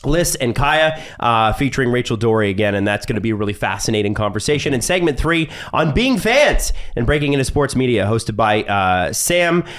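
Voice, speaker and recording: A man's voice: medium pitch, expressive, a little fast, hardly any pauses, a bit bright. Give me an enthusiastic man hosting a podcast, voice rising and falling a lot. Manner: enthusiastic, easily amused. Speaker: podcast co-host. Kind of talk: casual chat.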